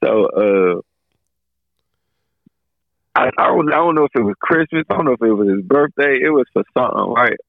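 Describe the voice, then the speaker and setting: A man's voice: medium pitch, moderate pace, gravelly, pauses often, no echo. A man co-hosting a podcast, casually telling a funny story and acting out the people in it. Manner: animated storyteller, voices the people in his story. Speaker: podcast co-host. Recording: dull, lo-fi sound.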